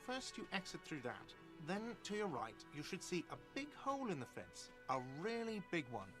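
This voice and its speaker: A man's voice: high voice, huge pitch swings, normal speed, over music. An actor playing a sarcastic, dismissive male innkeeper in a detective game.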